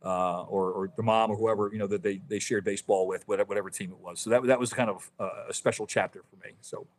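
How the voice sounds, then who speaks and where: Animated storytelling man in his fifties. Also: on the low side. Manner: animated storyteller, quick restarts, frequent "you know". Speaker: author guest. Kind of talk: casual podcast interview.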